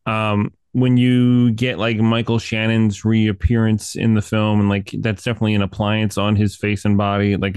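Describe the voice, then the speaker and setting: A man with a lowish, clean voice chats casually about a horror film, recorded with no echo. His movie review rambles along, packed with fillers and swearing.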